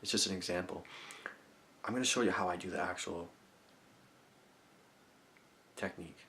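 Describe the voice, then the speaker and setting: A man talking to camera, walking viewers through a visualization technique, murmuring affirmations softly and explaining in eager, rambling bursts. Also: deep voice, normal speed, a little hiss or hum. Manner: drops to soft, murmured affirmations, laughing often. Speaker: self-help vlogger. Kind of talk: guided visualization demonstration to camera. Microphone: camera mic.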